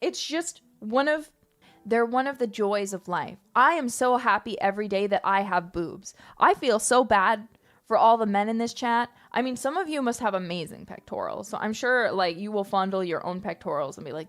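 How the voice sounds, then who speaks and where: A woman's voice: mid-range voice, expressive, moderate pace, a bit bright. A young woman streaming, chatting casually in a playful, rambling way with theatrical bursts. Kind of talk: casual live-stream chat.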